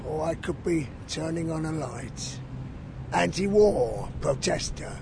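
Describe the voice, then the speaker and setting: A man's voice: fairly high pitch, animated, slow, creaky, a little mellow, a little hiss or hum. A man, a peace campaigner, giving angry, profane interview answers and asking many rhetorical questions.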